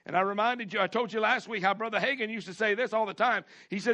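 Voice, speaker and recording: Male pastor, high bright voice, folksy sermon delivery with call-and-response. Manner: folksy preaching with call-outs, repeats and drawn-out emphasis.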